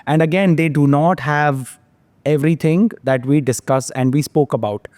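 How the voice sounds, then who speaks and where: A man with a fairly high voice hosts a podcast and talks through figures step by step, often checking in with a quick "yeah?". The sound is dry and close, with no room echo. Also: a little mellow. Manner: analytical, walks through numbers with checking tags like "yeah?". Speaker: podcast host, real estate analyst. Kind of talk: podcast discussion.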